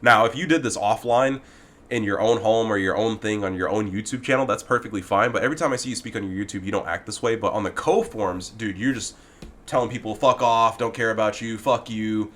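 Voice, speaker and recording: Male gaming commentator, lowish voice, profane exasperated rant addressed at one person. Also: fast, fairly bright tone. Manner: heated, profane, exasperated ranting; talks directly to the person he criticizes. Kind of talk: ranting commentary video.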